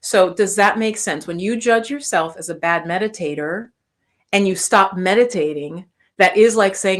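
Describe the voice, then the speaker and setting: A woman's voice: on the low side, a little slow. A woman teaching meditation on a live stream, talking casually to viewers and explaining with everyday analogies. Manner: chatty, explains with homely analogies, talks to the chat.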